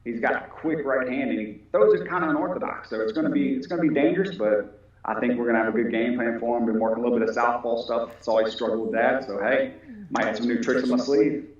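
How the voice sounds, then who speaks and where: A man's voice: medium pitch, fairly even intonation, fast. Man in a very echoey, dull-sounding room. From United States. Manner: polite, humble, telling stories with laughs. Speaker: fighter and police officer. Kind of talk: casual interview.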